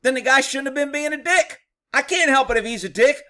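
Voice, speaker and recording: A man's voice: very high-pitched, expressive, a little fast, pushed and bright. A man, a former police officer, giving blunt, profane, indignant commentary on a video. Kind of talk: reaction commentary.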